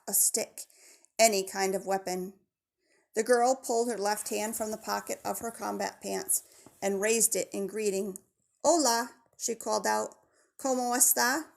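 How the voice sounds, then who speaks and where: Woman audiobook narrator, mid-range pitch, gravelly edge, measured delivery. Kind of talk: scripted narration of a children's novel.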